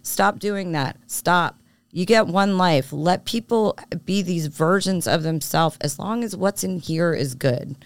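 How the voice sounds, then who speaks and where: A woman talks frankly on her podcast, animated and self-assured, wandering into asides as she makes her case. Her voice is smooth and resonant. The sound is dry and close. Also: lowish voice, unhurried, hardly any pauses, dry recording. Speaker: podcast co-host. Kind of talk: casual chat.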